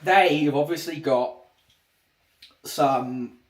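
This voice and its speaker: A man's voice: a little high, takes it slowly. Rambling man in a roomy room. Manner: rambling, restarts sentences often. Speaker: livestreamer. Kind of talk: casual livestream chat. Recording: roomy echo.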